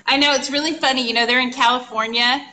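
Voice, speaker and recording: High, bright woman telling stories. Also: quick pace. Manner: animated, exclamatory storyteller with sound effects. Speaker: co-host of a live furniture painting show. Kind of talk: casual storytelling chat.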